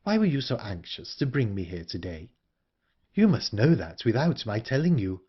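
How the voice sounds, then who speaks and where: A man's voice: medium pitch, big pitch swings, moderate pace, slightly rough, lo-fi sound. A man voicing an earnest, anxious young woman in an audiobook, urgent and pleading. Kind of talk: audiobook character reading.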